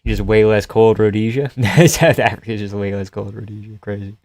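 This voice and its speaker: A man hosting a live fight-reaction stream, chatting loosely and profanely with his viewers and often trailing off quietly. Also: fairly low pitch, steady tone, normal speed, no echo, clean studio sound. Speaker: live-stream host reading chat.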